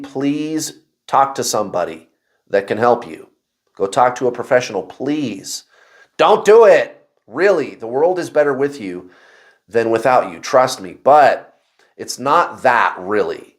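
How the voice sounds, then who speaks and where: A man hosting a spiritual video, telling viewers a personal story in a casual, confessional way, with animated outbursts and exclamations. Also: medium pitch.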